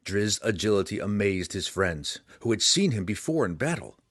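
A man reading a fantasy audiobook aloud, in a dramatic, lively way. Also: fairly low pitch, moderate pace, dry recording, clean studio sound. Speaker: audiobook reader.

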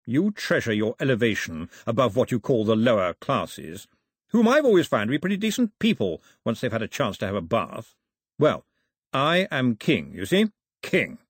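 Give me a commanding king, read by a man, slow and deliberate, with a lively rise and fall. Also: mid-range voice, husky, no room sound, clean studio sound. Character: newly crowned king, stern and commanding. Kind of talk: audiobook character voice.

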